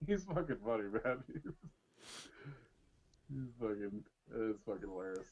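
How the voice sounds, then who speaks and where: A man co-hosting a casual podcast, retelling scenes loudly with plenty of swearing and laughter. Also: on the low side, sing-song, measured pace, slightly rough. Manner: loud, laughing, profane storytelling. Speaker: podcast co-host. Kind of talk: casual chat. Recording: dull lo-fi sound.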